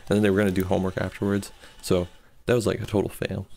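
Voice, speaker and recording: A man in his twenties telling a story in a casual, excitable way, acting out the dialogue as he goes. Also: deep voice, very fast, vocal fry, faint music behind. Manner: excitable, quoting with "I'm like".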